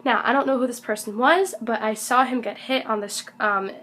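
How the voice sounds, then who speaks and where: Teen girl vlogger, hoarse, crisp bright voice, casual rambling recap with lots of ums. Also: fairly high pitch, fairly quick, slight background noise. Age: teens. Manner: rambling, gushing, many fillers. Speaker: concert fan vlogger.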